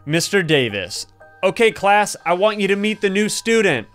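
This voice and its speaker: A young man playing a game on his channel, reading dialogue aloud and reacting with excited commentary to viewers. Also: high-pitched, normal speed, soft background music. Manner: excitable, gasping, laughing, addresses viewers as you guys. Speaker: gaming YouTuber.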